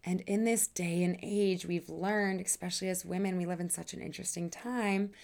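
Gravelly-voiced woman hosting a heartfelt podcast. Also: lowish voice, steady tone, darkish tone. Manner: earnest, emphatic, drawn-out phrasing with sighs; swears casually. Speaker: podcast host. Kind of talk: personal podcast monologue.

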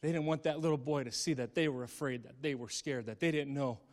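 A man's voice: medium pitch, fairly even intonation, fast talker. Impassioned man telling a story in a hall. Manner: dramatic, swings from hushed to impassioned. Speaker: speaker. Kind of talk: emotional storytelling sermon.

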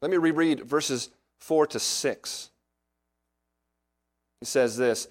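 A man's voice: medium pitch, slow pace, pauses often. A man preaching an expository sermon as pastor, earnest and explanatory, often asking his listeners rhetorical questions.

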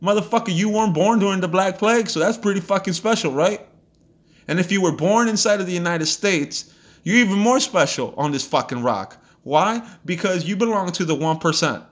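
A man's voice: sits high, brisk. A man hosting a podcast, delivering a blunt, profane and heated motivational rant. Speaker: podcast host. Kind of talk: ranting motivational monologue.

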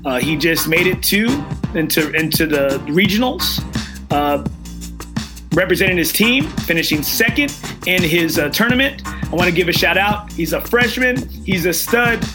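A man's voice: high voice, animated, moderate pace, over music. A middle-aged man hosting a golf show, talking with emotion and enthusiasm and often repeating himself. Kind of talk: casual chat, live show sign-off.

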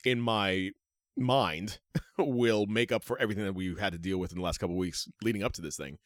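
A man's voice: fairly low pitch, brisk, no room sound, studio quality. A man co-hosting a podcast, reading wrestling news items aloud and adding joking asides. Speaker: podcast co-host. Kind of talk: casual wrestling news chat.

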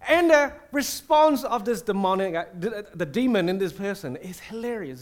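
A man with a high voice delivers a sermon in an animated, conversational way. He slips into acted-out prayers and quotes and restarts his sentences as he goes. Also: normal speed, hardly any pauses. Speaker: preacher.

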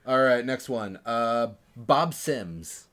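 Male podcast co-host, relaxed quizmaster, casual and chatty. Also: mid-range voice, slow. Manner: relaxed, chatty, with frequent fillers and laughs. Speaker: podcast co-host running a quiz.

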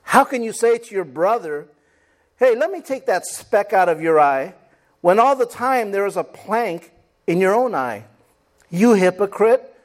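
A man with a notably high voice preaching a sermon to his congregation. He calls out for amens and acts out everyday stories to make his point. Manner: preaching with call-and-response amens and acted-out stories. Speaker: pastor.

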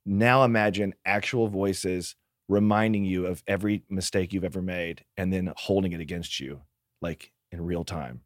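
A man's voice: sits low, steady tone, normal speed, no echo, studio quality. A man, the guest's husband, explaining things earnestly in a casual chat and stumbling over his words as he goes.

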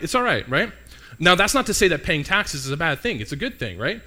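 A man's voice: on the high side, big pitch swings, fast talker, bright, forceful tone. A young man preaching a casual, conversational sermon and asking the congregation questions. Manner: conversational, asks the congregation questions, jokes with listeners. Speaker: pastor.

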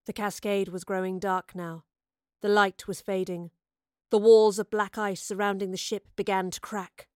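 A woman narrates a fantasy audiobook with expressive, dramatic delivery. Her voice sits at a middle pitch. The recording is close and completely dry, with no room sound. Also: normal speed, smooth, no echo.

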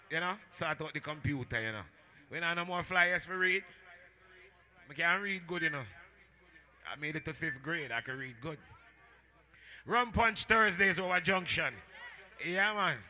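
A man with a Jamaican accent working as a sound system MC at a live dance, rowdy and shouting call-and-response to the crowd. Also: a little high. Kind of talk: live dancehall MC hype talk. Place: indoor dance venue at night.

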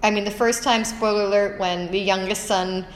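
A woman's voice: medium pitch, moderate pace. A woman, telling stories as a podcast guest with dramatic emphasis. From Staten Island, New York. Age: 40s. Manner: animated storyteller, dramatic emphasis. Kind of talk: casual chat. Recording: echoey room with long reverb and faint noise.

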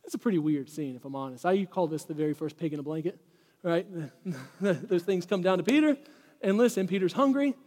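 A man preaching a sermon as pastor, animated and conversational, with quick asides to the congregation. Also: sits high, big-room sound. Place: church sanctuary.

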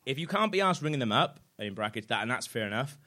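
A man's voice: medium pitch, sing-song, fast talker, pushed and bright, a little hiss or hum. A man hosting a comic podcast before a live audience, reading out his messages with frequent laughter. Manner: laughs often, reads messages aloud in a cheeky voice. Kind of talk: comic storytelling.

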